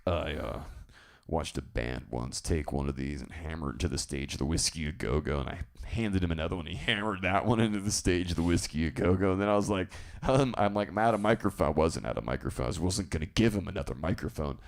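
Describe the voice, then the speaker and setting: Very deep, gravelly rambling male host. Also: fairly quick. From southern United States. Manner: rambling, animated storytelling. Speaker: live-stream show host. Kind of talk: casual live-stream chat.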